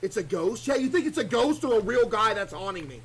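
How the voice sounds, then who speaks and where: Man streaming a horror game, high voice, excitable, stammering, chatting to viewers. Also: brisk, breathy edge. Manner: excitable, stammering, talks to chat. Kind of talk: live horror gameplay commentary.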